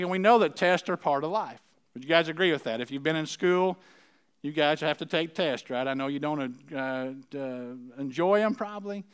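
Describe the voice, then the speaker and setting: A man's voice: a little high, fairly bright tone, smooth. A middle-aged man giving a conversational sermon, telling stories and often checking in with his listeners. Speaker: preacher.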